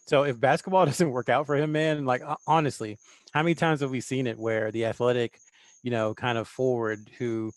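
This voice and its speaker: A man co-hosting a casual sports podcast, rambling in an animated way and laughing often. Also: medium pitch, brisk, dry recording. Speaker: podcast co-host, recruiting analyst.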